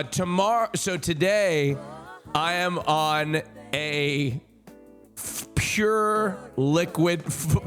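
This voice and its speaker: A man's voice: fairly high pitch, fairly bright tone. A man chatting casually to his livestream audience, joking and rambling with lots of fillers. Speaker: streamer. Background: faint music.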